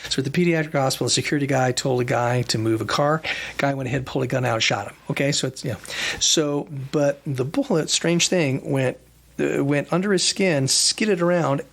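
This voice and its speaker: Gravelly middle-aged man telling stories. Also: medium pitch, fairly quick, fairly bright tone. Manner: rambling, many fillers and restarts, acts out quoted dialogue. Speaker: plastic surgeon and podcast host. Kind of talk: casual storytelling chat.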